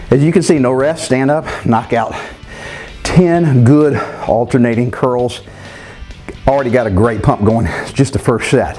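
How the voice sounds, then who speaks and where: A man's voice: medium pitch, darkish tone. Man coaching a home workout. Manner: direct, addresses viewers as guys, counts reps aloud. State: winded while exercising. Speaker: fitness trainer. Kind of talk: workout instruction.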